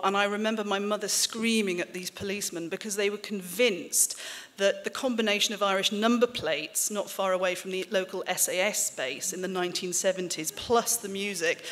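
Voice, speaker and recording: Woman author in her forties, from the border country, reading her memoir live. Dry, wry, measured delivery. Voice carries a hall reverb. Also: mid-range voice, fairly bright tone. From English-Welsh border country. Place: stage in a hall.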